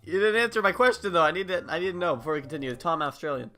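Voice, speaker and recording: A man teases his co-reader in a fairly high, bright voice. His pitch is very animated as he cracks jokes. It is a comic script read-through. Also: very fast, faint music behind. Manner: joking, teasing.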